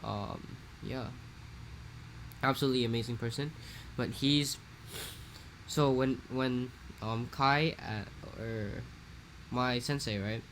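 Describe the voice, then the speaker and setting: A young man from Hawaii, telling a rambling, animated story in a casual podcast chat. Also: medium pitch, slow pace, pauses often, slight background noise. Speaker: podcast co-host.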